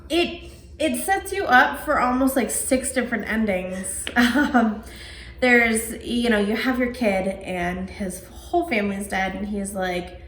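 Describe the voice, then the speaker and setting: Animated higher-voiced woman retelling a movie. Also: unhurried. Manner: animated storyteller who retells scenes. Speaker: podcast co-host. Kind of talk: casual movie review chat. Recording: roomy echo, faint background noise.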